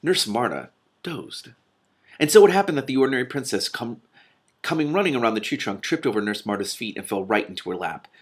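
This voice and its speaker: A man reads a children's novel aloud at a middle pitch, with an animated, expressive delivery. He breaks in with excited exclamations of his own. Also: fairly quick, husky. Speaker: reader and commentator. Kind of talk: reading a novel aloud with reactions.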